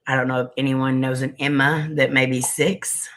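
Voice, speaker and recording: A man's voice: mid-range voice, flat delivery, normal speed, fairly bright tone. A man hosting a casual livestream. He chats with viewers, greets them by name and sniffles now and then. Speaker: livestream host.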